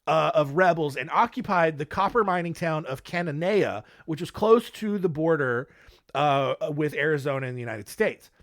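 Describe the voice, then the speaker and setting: High-voiced, jokey male podcast host. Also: a bit bright. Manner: jokey, rambling, with filler words. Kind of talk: casual history podcast chat.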